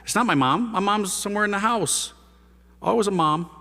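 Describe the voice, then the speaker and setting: A priest telling his conversion story to an audience, a lively storyteller using casual slang and rhetorical questions. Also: high-pitched, fairly quick. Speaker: priest giving a conversion testimony. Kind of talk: animated testimony talk to an audience. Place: large hall with a live audience. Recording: reverberant hall.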